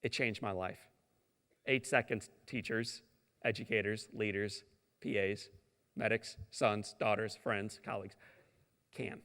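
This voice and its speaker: A middle-aged man from St. Louis gives a motivational keynote in a large hall, and his voice carries a gravelly edge. He tells the story dramatically, swinging from loud, booming lines down to hushed whispers, and a long reverb trails after each phrase. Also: fairly even intonation, measured pace, pauses often. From St. Louis, Missouri. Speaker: keynote speaker.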